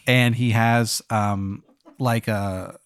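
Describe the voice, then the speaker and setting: Dude making up a goofy scenario on the fly, lots of likes and swears, dry close mic. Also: male voice, lowish voice, fairly even intonation, very slow, clear, resonant tone, no echo. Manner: loose, swearing, many fillers. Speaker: game master of an improvised hypothetical. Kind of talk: casual improvised storytelling.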